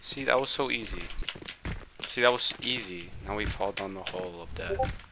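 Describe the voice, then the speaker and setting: A man's voice: fairly low pitch, normal speed, background noise. A man doing profane, slang-heavy let's play commentary, mocking the monster and yelping when startled. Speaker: gaming channel host.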